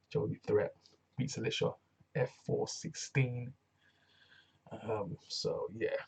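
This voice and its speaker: A man's voice: on the low side, gravelly, darkish tone, husky. A man casually recapping a wrestling show, rambling and often saying "you know what I'm saying".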